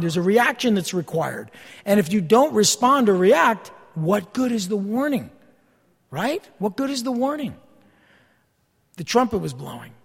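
A man's voice: high voice, gravelly, long reverb tail. A middle-aged male pastor giving a conversational sermon, acting out everyday anecdotes as he preaches.

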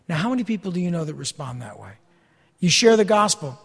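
A man's voice: sits high, sing-song, fast talker, vocal fry, breathy edge. Middle-aged guy preaching casually, acts out stories, echoey sanctuary sound. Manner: conversational preacher, acts out anecdotes. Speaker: pastor. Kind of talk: sermon.

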